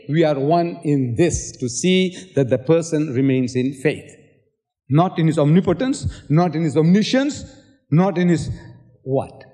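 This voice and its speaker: This older South African man has a mellow, fairly high voice. In a public debate he lectures and quotes scripture at length, slipping in sarcastic asides, captured in an old hall recording with long reverb.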